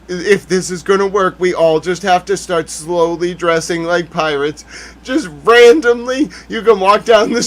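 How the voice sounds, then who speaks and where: A man from the United States hosting a comedic news recap livestream, ranting excitably with frequent laughter and mock-serious asides. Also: high voice, unhurried.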